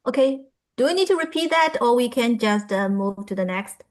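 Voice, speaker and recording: A woman presenting a pronunciation workshop, reading sound lists aloud with frequent filler pauses. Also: on the high side, lively intonation, a little mellow.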